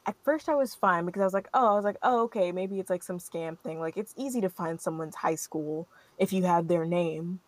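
A young adult woman hosting a podcast, telling a story in an animated, rambling way full of fillers. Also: mid-range voice, normal speed, hardly any pauses. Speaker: podcast host. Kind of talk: casual storytelling chat.

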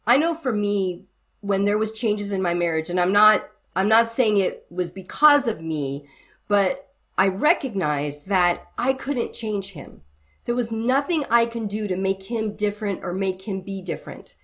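A woman's voice: mid-range voice, a little slow. A middle-aged woman, a guest who counsels wives, speaking frankly and earnestly in a candid interview. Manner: earnest and frank, retells conversations with animated quoting.

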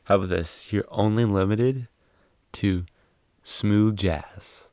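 A man's voice: lowish voice, fairly even intonation, slow, a crowd in the background. A young man co-hosting a casual chat, laid-back and dryly teasing.

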